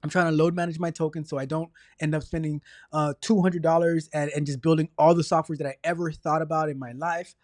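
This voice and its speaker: A man hosting a casual livestream, chatty and energetic, rambling along and stumbling over repeated words. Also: fairly high pitch, fast talker, few pauses, no room sound, clean studio sound. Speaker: livestream host.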